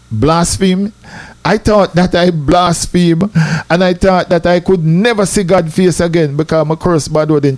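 Brief: Jamaican male storyteller, lively and conversational, slightly high-pitched, dry recording. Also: dry recording. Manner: animated, repeats "you know", rises in pitch for drama. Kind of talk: casual personal storytelling.

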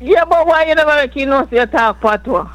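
A Jamaican woman with a very high, bright voice leads the casual chat as host. She speaks thick patois and keeps pressing with teasing questions, and her voice sounds close and dry. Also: expressive, brisk, no room sound, rough recording.

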